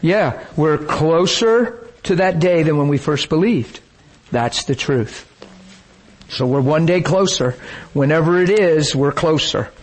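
A man's voice: a little high, a little slow. A middle-aged man preaching a sermon, telling stories in an emotional, emphatic way.

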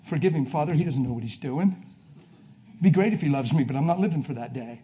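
A preacher giving a sermon to a congregation, telling a personal story, going from hushed to loud. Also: male voice, on the high side, expressive, fast, slight background noise. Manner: emphatic, swings from hushed to loud. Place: before a live congregation.

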